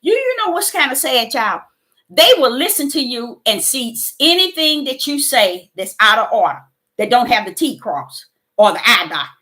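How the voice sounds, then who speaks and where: A woman's voice: a little high, very animated, moderate pace, pushed and bright. A middle-aged woman giving a fervent spiritual testimony to her viewers, preachy and repeating her words. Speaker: YouTuber.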